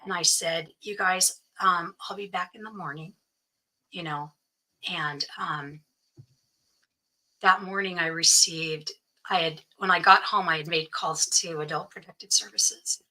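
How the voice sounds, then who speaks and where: A woman's voice: on the low side, steady tone, a little slow, pushed and bright, poor audio. A woman guest recounting a personal story in an interview, earnestly quoting what others said to her. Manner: earnest, quotes others' speech as she tells it.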